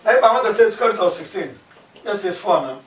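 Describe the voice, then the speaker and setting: Male teacher, high voice, echoey room. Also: expressive, fast talker. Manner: repeats key terms, asks questions aloud. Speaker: mathematics teacher. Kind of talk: classroom lesson. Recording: echoey room from far off with faint background noise.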